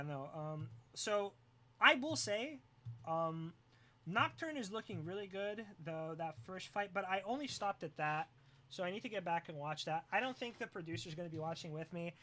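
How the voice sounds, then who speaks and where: Streamer joking around w chat, laughs a lot, bright voice, sometimes yells into the mic. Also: mid-range voice. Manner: joking and teasing, often laughing, sometimes yelling. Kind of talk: casual live-stream chat reacting to viewers.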